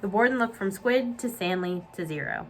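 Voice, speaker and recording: A woman children's librarian reading a novel aloud for young listeners, with clear, steady storytelling. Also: mid-range voice, normal speed, a little hiss or hum, poor audio.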